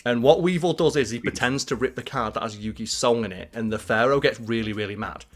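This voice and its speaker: Guy, podcast host, mid pitch, chatty, keeps laughing and doing voices. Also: fast talker, faint music behind. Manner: animated, laughing, acts out quotes. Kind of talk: casual chat.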